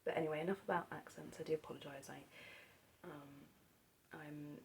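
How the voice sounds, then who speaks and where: A woman chats on her own about films she loves. She speaks softly and hesitantly, stopping often and restarting her sentences. Her voice sits a little low. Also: steady tone, normal speed, slight background noise, low-quality recording. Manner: hesitant, many ums and restarts, soft-spoken. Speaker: film vlogger. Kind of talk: casual monologue about films.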